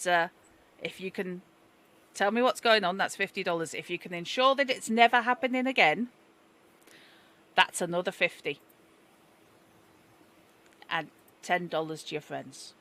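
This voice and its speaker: A woman's voice: fairly low pitch, a little slow, pauses often, sharp tone. A woman voicing a self-made older businessman from Yorkshire in a tabletop game, with a put-on Yorkshire accent and a brusque manner that halts on "uh"s. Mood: businesslike. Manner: brusque, hesitant haggling with "uh"s.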